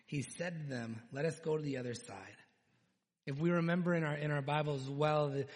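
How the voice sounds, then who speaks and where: A man preaching a sermon, retelling a scripture story with animated storytelling and dropping to hushed tones for emphasis. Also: mid-range voice. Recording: long reverb in a hall.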